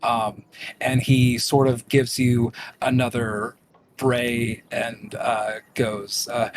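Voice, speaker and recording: A man narrating as game master for a tabletop game, slow and hesitant, with lots of ums and uhs. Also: mid-range voice, completely flat delivery, a little hiss or hum, rough recording.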